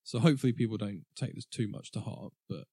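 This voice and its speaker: A man's voice: lowish voice, quick pace, dark tone, slightly rough, no echo, clean studio sound. A man co-hosting a podcast, chatting casually and rambling about a film, laughing often. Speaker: podcast co-host. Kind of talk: casual film review chat.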